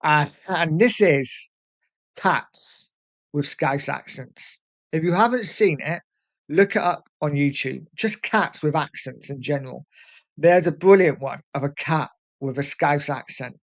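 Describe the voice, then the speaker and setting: A man's voice: on the high side, a little slow. Man in his forties, English, earnest, heartfelt, candid vlog talk, repeats himself. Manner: earnest, heartfelt and repetitive, often saying "listen". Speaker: fan channel host.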